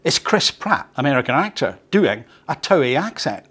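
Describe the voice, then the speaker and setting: A man's voice: mid-range voice, moderate pace, slightly rough. Field: chatty man reading and commenting. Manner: conversational, animated asides. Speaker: podcast host teaching English. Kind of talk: reading an article aloud with commentary.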